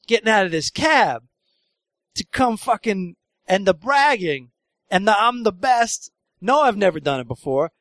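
A comedian hosting a podcast, telling road stories in casual chat, acting out voices, laughing often and swearing freely. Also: male voice, high-pitched, fairly bright tone, no echo. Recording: dry close mic.

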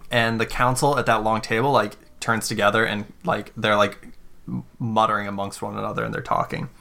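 A man narrating as game master of a tabletop role-playing game, halting and full of fillers. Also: fairly low pitch, fairly even intonation, gravelly, bright, forceful tone.

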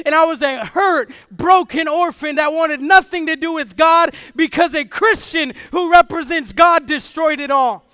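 High-voiced impassioned man preaching. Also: moderate pace, hardly any pauses, no room sound, clean studio sound. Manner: impassioned, swings from shouting to hushed. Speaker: preacher giving testimony. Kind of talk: sermon testimony.

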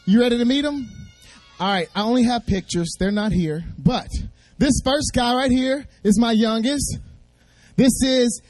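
A man speaking as a guest at a church service, telling a Bible story in a fast, playful way and drawing responses from the audience. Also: very high voice, animated, darkish tone, dry recording.

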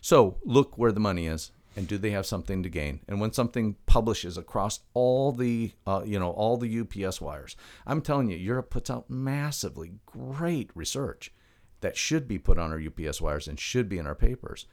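A man's voice: on the low side, animated, moderate pace, a little mellow. A middle-aged man talking as a health expert guest in a podcast interview, emphatic and fond of rhetorical questions, drifting into chatty anecdotes.

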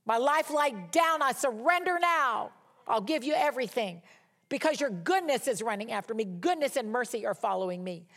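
A woman's voice: a little high, lively intonation, normal speed, fairly bright tone. A woman giving a conversational sermon as a Bible teacher, emphatic and repeating key words for stress.

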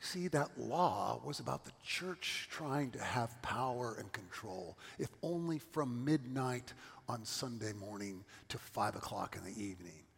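A man's voice: medium pitch, animated, a little slow, creaky, husky, big-room sound. A middle-aged man from California, a pastor giving a sermon and telling stories with asides to the congregation.

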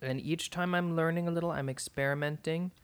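A podcast host in casual chat, deadpan and whimsical, given to playful tangents. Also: mid-range voice, a little fast, smooth.

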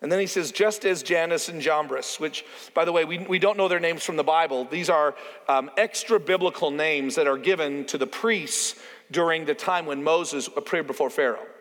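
A man's voice: on the high side, moderate pace, a bit bright. A man pastor preaching a sermon in a conversational way, asking his listeners rhetorical questions. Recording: long hall reverb.

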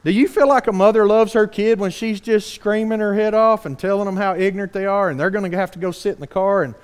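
A man with a fairly high voice preaches in a drawl. He is earnest and animated and keeps asking his listeners pointed rhetorical questions. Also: quick pace, clean tone. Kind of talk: sermon.

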